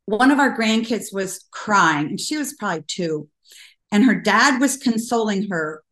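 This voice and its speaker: An older woman speaking as a guest in an interview, telling stories earnestly and getting animated when she quotes people. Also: medium pitch, measured pace. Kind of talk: conversational interview. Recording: roomy echo.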